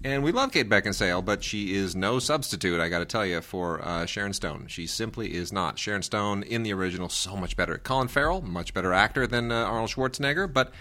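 A man's voice: on the low side, animated, a little fast, few pauses, bright, forceful tone. A man co-hosting a film review show, giving enthusiastic, opinionated takes. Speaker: film critic co-host. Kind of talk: casual film review chat.

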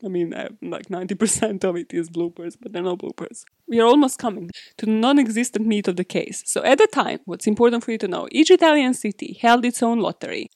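A woman's voice: mid-range voice, no room sound, clean studio sound. Sarcastic, laughing woman podcast host. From Serbia. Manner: sarcastic, laughing often, swearing, animated asides. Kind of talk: casual comedic true-crime chat.

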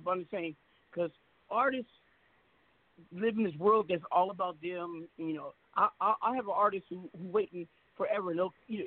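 Middle-aged male call-in radio host, high voice, rambling casual delivery, thin phone-line sound. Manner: rambling, repeats words, stammering restarts.

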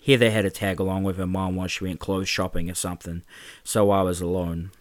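A man tells a first-person story in a steady, plain way. His voice is low, and the recording is dry and close. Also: fast talker, no echo. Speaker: narrator.

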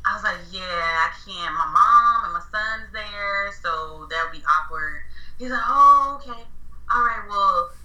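A woman telling a story in a casual, animated way, often correcting herself as she acts out what people said. Her voice is very bright. She sits back from the mic in an echoey room. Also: mid-range voice, unhurried, distant mic. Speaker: guest storyteller.

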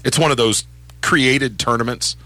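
A man co-hosting a sports radio show, chatting casually in an animated, self-deprecating way. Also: mid-range voice, moderate pace, dry recording.

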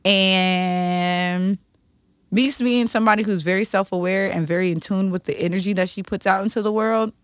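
A woman's voice: mid-range voice, steady tone, moderate pace. A woman in her thirties talks frankly on a podcast, swearing freely and opening up with raw emotion. Her voice is close and dry. There is no room echo around it. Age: 30s. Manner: blunt, profane, emotional and confessional. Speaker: podcast co-host. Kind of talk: candid podcast conversation.

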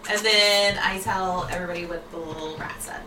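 A woman's voice: on the low side, fairly even intonation, brisk, background noise. A woman playing a tabletop game, chatting playfully and coaxing. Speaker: player. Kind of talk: casual tabletop play.

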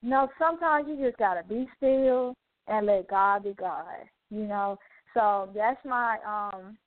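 A woman's voice: medium pitch, takes it slowly, dry recording. A woman radio host telling a personal testimony in a heartfelt, chatty way, full of "you know" asides. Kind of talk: personal testimony, casual talk. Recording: narrow phone-like sound, dry.

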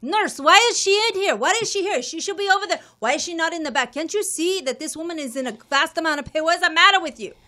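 A woman voicing an indignant male bystander who loudly protests on someone's behalf. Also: extremely high pitch, expressive, fast, few pauses, pitched above the performer's own voice, heavily acted. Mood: outraged.

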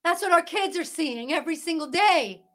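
Hosting a Christian podcast, a woman with an extremely high, fairly bright voice speaks animatedly at normal speed, in the manner of a parent. Her impassioned commentary is emphatic and preachy, packed with a string of rhetorical questions.

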